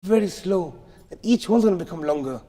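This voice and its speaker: The recording carries the long reverb of a large mosque hall, where a man explains recitation rules step by step to a live class and checks his students' understanding. He talks fairly quickly in a high, dark voice with lively intonation.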